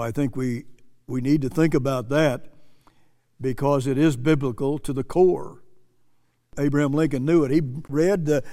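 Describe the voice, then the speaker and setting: A man's voice: on the high side, darkish tone, long reverb tail. A man preaching earnestly, repeating phrases for emphasis and reading quotes aloud. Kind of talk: sermon commentary.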